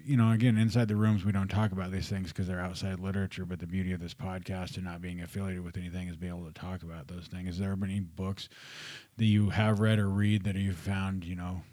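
A man's voice: low-pitched, dark tone, no room sound. A man hosting a podcast, asking long, rambling questions full of fillers. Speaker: podcast host. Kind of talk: casual interview.

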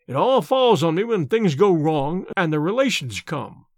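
A fretful old servant, put on by a man reading a storybook aloud, his voice pitched high and swinging with worry. He speaks deferentially with rough country grammar, and the recording is dry and close. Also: very animated, moderate pace, no room sound. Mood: worried. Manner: anxious, deferential, rustic grammar. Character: little wrinkled old male manservant, fretful and deferential.

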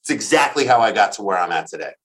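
Podcast guest, male, punchy and repetitive, swings from high to low. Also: big pitch swings, fast talker, fairly bright tone. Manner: emphatic, repetitive, profane. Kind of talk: motivational casual talk.

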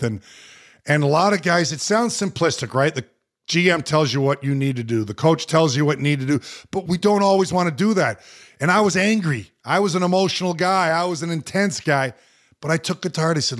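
Guy in his 40s, ex hockey player, kinda high voice, tells stories fast and stumbles over words. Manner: animated anecdote, quoting others, repeated restarts. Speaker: retired hockey player, guest. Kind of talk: storytelling in a casual interview.

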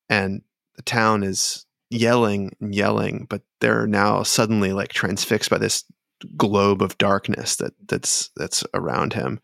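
Gravelly game master with a low voice. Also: male voice, fairly bright tone, no echo, studio quality. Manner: halting, filler-heavy narration. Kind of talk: narrating a tabletop game.

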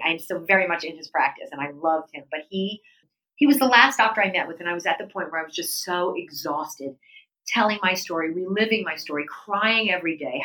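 Animated middle-aged woman with a bright voice. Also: on the low side, rough recording. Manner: animated storyteller, voice leaps up when quoting people. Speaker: guest. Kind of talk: conversational interview storytelling.

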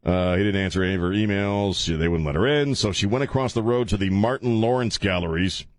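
A man's voice: fairly low pitch, brisk, no echo, studio quality. A man hosting a talk radio show, rambling and joking with frequent laughs and filler stumbles. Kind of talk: casual talk radio monologue.

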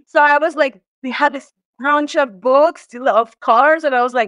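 A woman's voice: high voice, normal speed, hardly any pauses, fairly bright tone, no room sound, studio quality. A woman from Mexico, a guest in an interview, talking in a heartfelt, tearful way with many restarts and fillers. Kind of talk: emotional conversational interview.

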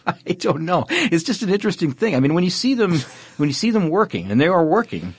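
A man's voice: high-pitched, sing-song, a little fast, slightly rough. A man co-hosting a podcast in casual chat, rambling and self-correcting with frequent chuckles. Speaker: podcast co-host.

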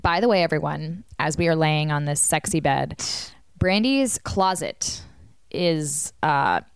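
A woman's voice: sits low, unhurried, smooth, no echo, studio quality. A woman hosting a casual chat in a bedroom, playful and self-mocking. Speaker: host. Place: bedroom beside a large closet.

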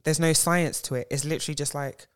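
A woman's voice: low-pitched, fairly even intonation, fast talker. A woman co-hosting a casual podcast chat, groping for words and saying "like" a lot. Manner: searching for words, many "like" fillers. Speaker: podcast co-host.

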